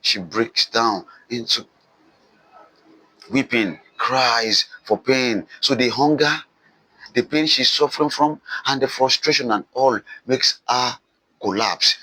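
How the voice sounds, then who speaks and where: Animated male literature teacher. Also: mid-range voice, slow, dry recording, poor audio. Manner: animated retelling, repeats phrases for emphasis. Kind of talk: novel summary lecture.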